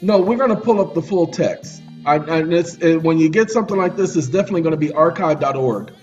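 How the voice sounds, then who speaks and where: Animated, high-voiced man explaining law. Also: fast talker, muffled recording, faint music behind. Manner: animated, preachy, talks straight to viewers. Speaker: channel host. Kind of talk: casual legal explainer with screen search.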